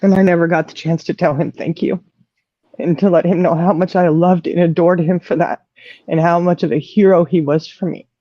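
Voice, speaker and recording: A man's voice: fairly high pitch, steady tone, brisk, no echo. A man hosting a casual livestream chat, angry and profane, holding back tears. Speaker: livestream host. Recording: dull lo-fi mic.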